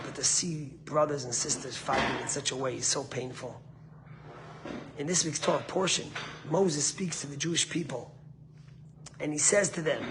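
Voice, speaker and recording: High-pitched rabbi giving a heartfelt little sermon, throws in hebrew words, faint hiss behind. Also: male voice. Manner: earnest, builds to passionate peaks then drops soft. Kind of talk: short sermon.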